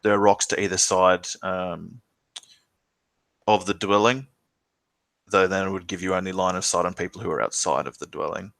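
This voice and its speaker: Low, flat-voiced game master narrating. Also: male voice, moderate pace, gravelly, long pauses, dry recording. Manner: descriptive narration with frequent filler words.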